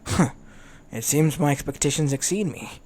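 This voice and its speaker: Guy playing a gruff mercenary swordsman, menacing, bit loud. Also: on the high side, animated, normal speed, slight background noise, close to an everyday voice. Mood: threatening.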